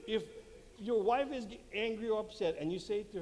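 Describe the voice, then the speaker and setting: At a marriage conference in a church hall, a man with a high-pitched, expressive, darkish voice gives a lively, moderately paced talk through a handheld mic. He acts out little quotes and laughs at his own jokes, with long hall reverb and faint room noise around him.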